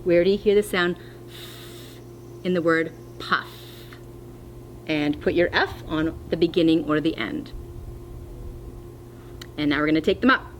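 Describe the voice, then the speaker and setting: A woman teaching a phonics lesson to young children, speaking slowly and clearly with encouragement. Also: sits low, a little hiss or hum. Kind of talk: distance-learning phonics lesson.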